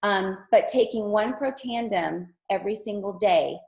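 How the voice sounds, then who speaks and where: A woman pitches eagerly to her viewers over a video call, her voice strongly gravelly with heavy fry. She is losing her voice, but she keeps pressing her points with persuasive energy and speaks at a middle pitch. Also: moderate pace, darkish tone, rough recording. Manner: enthusiastic, persuasive, addresses viewers as "you guys". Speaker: wellness presenter. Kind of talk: product presentation on a video call.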